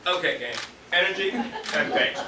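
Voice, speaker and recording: A man acting a vain, pompous stage director with a theatrical, shouty manner, recorded far off in an echoey hall. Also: fairly high pitch, animated, unhurried. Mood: grandiose. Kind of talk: amateur stage comedy acting. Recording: echoey stage from a distant mic, faint hiss.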